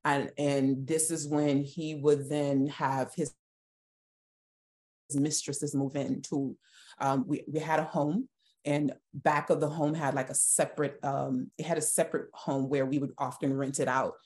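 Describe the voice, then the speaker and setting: A woman, a podcast guest, recounting a painful personal story in a halting, emotional way with frequent restarts. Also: low voice, little pitch movement, darkish tone. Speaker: guest sharing her story. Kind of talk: personal testimony in a podcast interview.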